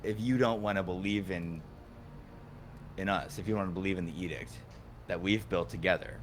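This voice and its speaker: A man's voice: low voice, moderate pace, a little hiss or hum. A man streaming a video game, casually joking, swearing and riffing on tangents with his co-host. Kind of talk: casual let's-play banter.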